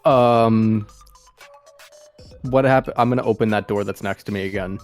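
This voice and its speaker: Hesitant low-voiced male player. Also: steady tone, measured pace, faint music behind. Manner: hesitant, full of ums and restarts. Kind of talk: playing a tabletop game.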